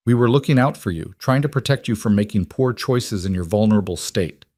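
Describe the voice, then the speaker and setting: A man's voice: on the low side, lively intonation, brisk, darkish tone, no echo, clean studio sound. A man voicing a meddling frontier townswoman who pries with indignation. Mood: indignant. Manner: prying, indignant. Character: prim, meddling middle-aged townswoman.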